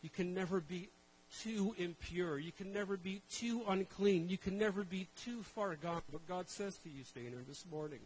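Animated preacher with a slightly high voice. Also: male voice, moderate pace, slight background noise, poor audio. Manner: animated storytelling, calls to the congregation. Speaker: pastor. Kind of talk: sermon.

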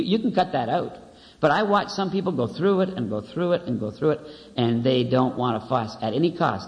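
A man's voice: medium pitch, a little mellow. A man preaching a sermon in a wry, conversational way, often repeating his key phrases. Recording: dull lo-fi audio with long hall reverb.

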